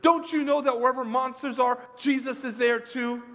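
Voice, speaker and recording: A man's voice: very high-pitched, fairly even intonation, normal speed, vocal fry, bright, forceful tone, voice pushed up, heavily acted. A pastor voicing a mother who coaxes her son firmly, heard in a church with long reverb. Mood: insistent. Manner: firm, coaxing. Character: patient mother, firm and coaxing.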